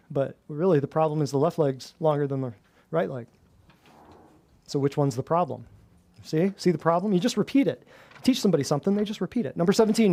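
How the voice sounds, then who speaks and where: Energetic man teaching a class. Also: on the high side. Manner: energetic, wry, laughs at the lies he lists. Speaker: chiropractor host of a natural health class. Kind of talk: presenting a class from slides.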